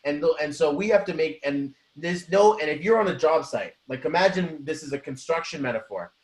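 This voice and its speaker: A man giving an energetic motivational talk as a co-host, often acting out the voices of the people he quotes. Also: a little high, brisk. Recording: roomy echo.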